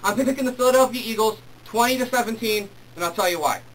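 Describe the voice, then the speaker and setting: A young man hosting his own sports talk show, reading emails and ranting excitedly about football. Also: very high-pitched, quick pace, a little hiss or hum. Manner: excitable, worked up when ranting. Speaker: host. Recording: distant mic with faint room ambience.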